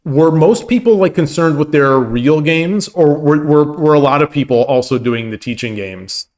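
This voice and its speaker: A man's voice: on the high side, moderate pace, darkish tone. A man hosting his own stream and chatting casually with viewers, rambling and laughing as he talks. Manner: rambling, full of restarts and laughter. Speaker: streamer and host.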